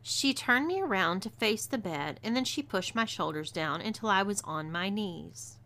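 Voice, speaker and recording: Texan lady reading a western story, bright twangy voice, easy drawl. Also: mid-range voice. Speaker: narrator. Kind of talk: scripted story narration.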